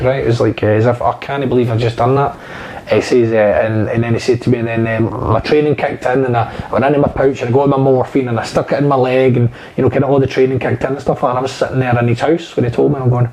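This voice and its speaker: A man, an actor guest telling lively, swear-filled stories in a casual interview. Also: mid-range voice, fast, a little hiss or hum, low-quality recording. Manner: animated storyteller, swears freely.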